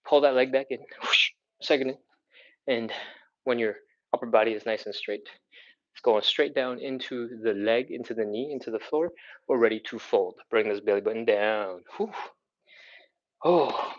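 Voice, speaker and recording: A man's voice: medium pitch, normal speed, lo-fi sound. Breathless upbeat man coaching a stretch. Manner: upbeat, encouraging, counts reps aloud. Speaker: live stretching instructor. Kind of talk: live workout instruction.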